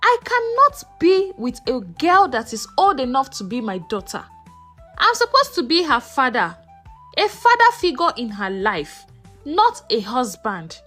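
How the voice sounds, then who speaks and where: A woman voicing a gentle, troubled middle-aged husband, speaking earnestly and pleading. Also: sits high, big pitch swings, measured pace, faint music behind, exaggerated voice.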